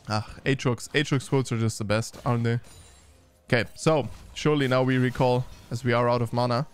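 A man giving casual esports review commentary, loose and chatty with many fillers and restarts, turning brisk for play-by-play. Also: mid-range voice, slight background noise. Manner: turns brisk during play-by-play.

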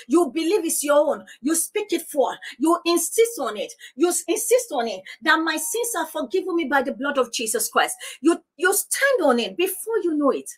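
A woman's voice: high voice, fairly bright tone. A woman pastor preaching on divine healing, insistent and repeating declarations, praying aloud. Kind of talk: sermon teaching on divine healing.

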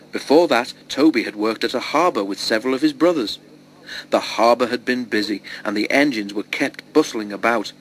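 A man narrating a children's storybook in a steady, clear reading voice. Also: mid-range voice, a little hiss or hum. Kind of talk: storybook read-aloud.

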